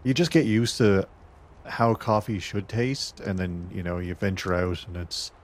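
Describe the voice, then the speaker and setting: A man's voice: deep voice, fairly even intonation, unhurried, a little hiss or hum. A man playing a tabletop game in character, easygoing and chatty. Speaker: player.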